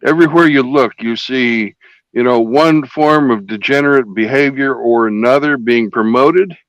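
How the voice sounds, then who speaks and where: A man's voice: medium pitch, normal speed, no echo, lo-fi sound. A man hosting a casual online panel chat, talking bluntly and with profanity. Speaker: panel host.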